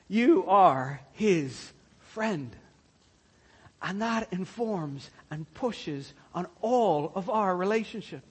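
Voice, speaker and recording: Husky-voiced man preaching with swelling passion. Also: high voice, sing-song. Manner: swings from hushed and slow to loud and soaring. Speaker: pastor. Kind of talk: sermon. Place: church.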